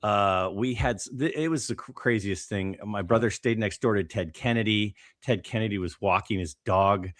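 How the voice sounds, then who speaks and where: A man co-hosting a casual podcast, telling stories in an animated way with lots of fillers and restarts. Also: lowish voice, moderate pace, few pauses, dry recording, clean studio sound. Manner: animated, storytelling with many fillers. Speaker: podcast co-host.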